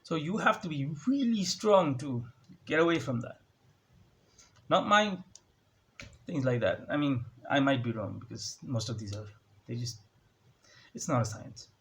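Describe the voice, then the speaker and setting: A man's voice: mid-range voice, lively intonation, unhurried, pauses often. A young man ranting sarcastically at home into a phone, mimicking others with a raised voice. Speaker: vlogger. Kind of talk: casual ranting monologue. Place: home, indoors.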